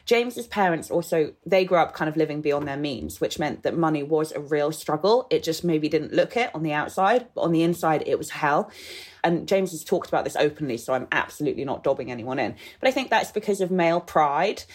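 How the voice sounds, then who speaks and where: A woman's voice: deep voice, animated, fairly quick. A woman in her thirties from England, talking frankly and animatedly as a podcast guest, swearing casually. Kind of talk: candid podcast conversation.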